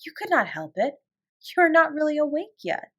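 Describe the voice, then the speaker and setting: Woman doing a gentle well-bred little girl. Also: high-pitched, big pitch swings, moderate pace, voice pushed up. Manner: soft, gentle, reassuring.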